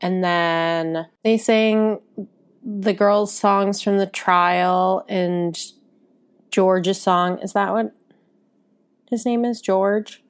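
A woman's voice: medium pitch, very slow, smooth. A woman co-hosting a casual podcast about musical theatre, chatty and full of fillers, often acting out quotes. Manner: chatty, many fillers, animated quoting. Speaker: podcast co-host.

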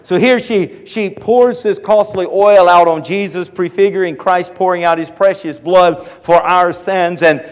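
A man preaching a sermon in a folksy, animated storytelling manner, often restarting his sentences. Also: sits high, unhurried, hardly any pauses, clean tone. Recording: long hall reverb.

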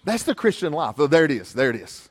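A man gives a sermon from a church pulpit, his voice sitting fairly high for a man. He tells stories in a loose, conversational way, often repeating a word before his sentences get going, then slows and lifts his voice when reading scripture. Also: very animated, in a large hall. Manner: storytelling, repeats words when starting a sentence. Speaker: pastor.

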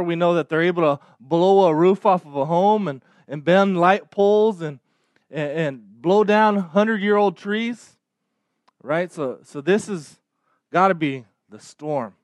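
A man's voice: on the high side, no echo. A man preaching a sermon in a conversational way, often restarting words and checking in with his listeners. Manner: conversational, frequent stammered restarts and "right?" tags. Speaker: pastor.

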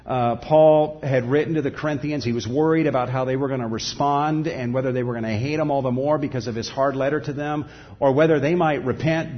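A middle-aged man preaching a sermon as a pastor, earnest, and at times dropping to a soft hush. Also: medium pitch, highs cut off.

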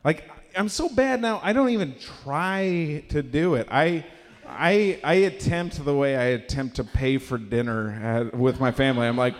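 A young man doing a stand-up comedy set in a live venue, rambling and self-deprecating, bursting into loud acted-out voices. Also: mid-range voice, expressive, measured pace. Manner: rambling, self-deprecating, acts out characters loudly. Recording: live room with long reverb.

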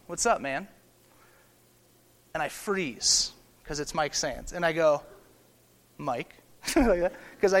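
A man in his thirties, a pastor giving a sermon in a casual, animated way, often checking in with "okay?" and "right?". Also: high-pitched, big-room sound. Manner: conversational, animated, tag questions like "okay?" and "right?".

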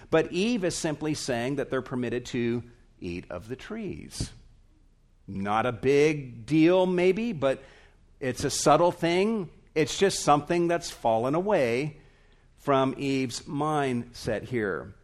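A man preaching a teaching sermon, deliberate and emphatic, letting his voice drop low at the ends of phrases.

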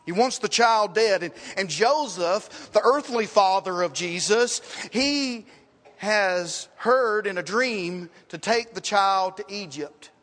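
A male pastor preaching a sermon, dramatic, moving from loud rhetorical questions to hushed lines. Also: sits high, animated, takes it slowly. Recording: long reverb.

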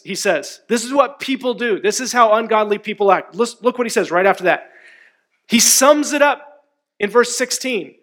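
A man's voice: high voice, a bit bright. A man preaching a sermon, emphatic and asking his congregation questions. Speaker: pastor.

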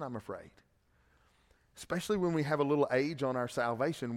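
A high-pitched male pastor preaching in a church sanctuary, his voice trailing off into the long reverb of a big room. He surges into loud, emphatic declarations, then drops to a quiet, chatty tone, often repeating a word as he restarts a phrase. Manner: swings between loud emphatic preaching and quiet conversational asides. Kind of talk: sermon.

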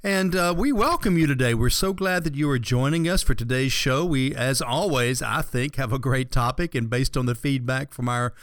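A man hosts a radio talk show in a relaxed, chatty way. He rambles, circling back with fillers and restarts as he talks. His voice is smooth and clear, and the sound is close and dry. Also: mid-range voice, normal speed, few pauses, no echo. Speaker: radio show host, financial advisor.

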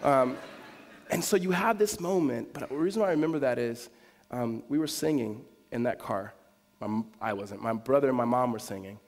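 A man preaches a sermon in the middle of his voice range, telling a personal story. He drops to near whispers and then rises to loud, high emphasis. A long hall reverb trails every phrase. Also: normal speed. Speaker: pastor.

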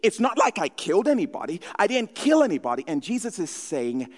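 A man preaching a sermon from the pulpit, telling stories in an animated way. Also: high-pitched, fairly quick, hardly any pauses, in a large hall. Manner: storytelling, animated. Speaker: pastor.

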